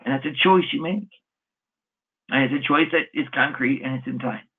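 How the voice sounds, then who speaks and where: A male monk preaching a scripture sermon in a gravelly, husky voice, sprinkling in folksy asides and chuckles. The sound is narrow and tinny, like a radio broadcast heard through a phone line. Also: medium pitch, moderate pace.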